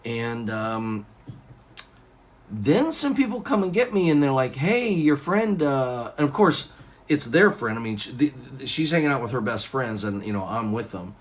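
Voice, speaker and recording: A man's voice: mid-range voice, moderate pace. Guy telling a long story to his camera, rambly, lots of restarts, normal middle voice. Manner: rambling, animated retelling with many restarts and acted quotes. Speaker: YouTuber.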